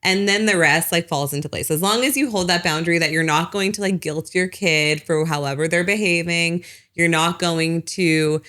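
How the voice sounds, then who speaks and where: Woman psychologist explaining, lower voice. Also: moderate pace, a bit bright. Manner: explains at length, with many "like" and "you know" fillers; acts out short parent quotes in other voices. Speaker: educational psychologist guest. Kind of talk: casual podcast chat.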